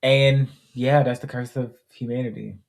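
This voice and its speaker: A young man talks casually with his father on a podcast. He speaks in a halting way and keeps leaning on "you know" while he searches for words. His voice sits at a medium pitch. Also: steady tone, gravelly. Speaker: podcast co-host, the rabbi's son. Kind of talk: casual conversation.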